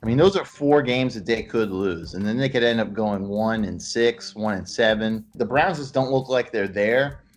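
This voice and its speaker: A man's voice: on the low side, normal speed, few pauses, soft background music. A man hosting a casual sports podcast, telling joking stories and chatting with his co-host. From Los Angeles, California. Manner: joking storyteller, lively swings in loudness.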